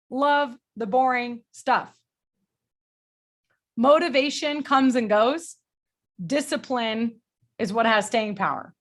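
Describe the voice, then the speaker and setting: A middle-aged woman leading a group coaching call, energetic and blunt, motivational, with casual swearing. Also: fairly high pitch. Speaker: sales coach.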